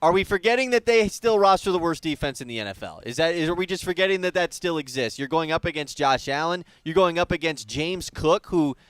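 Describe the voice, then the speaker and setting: A man's voice: on the high side, animated, brisk, few pauses, fairly bright tone, smooth, no room sound. A man co-hosting a casual sports betting talk show in a radio studio, sarcastic and incredulous.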